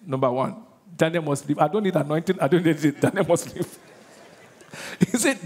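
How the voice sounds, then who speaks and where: A man with a Nigerian accent preaching a sermon as pastor, animated and using call-and-response with his congregation. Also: on the high side, fairly quick. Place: large church auditorium. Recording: husky voice in a reverberant church hall.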